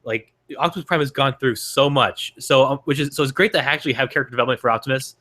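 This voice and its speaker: A man's voice: mid-range voice, fast talker, bright, forceful tone. A man co-hosting a casual movie review chat, rambling and restarting his sentences often. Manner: rambling, lots of fillers and restarts. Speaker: podcast co-host.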